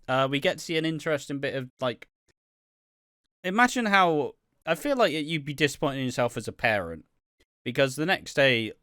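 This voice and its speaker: A man co-hosting a podcast in loose, rambling chat, his voice bright and forceful. He swears freely and breaks into laughter often. The sound is dry and close, with no room around it. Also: medium pitch, no room sound. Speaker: podcast co-host. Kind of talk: casual chat.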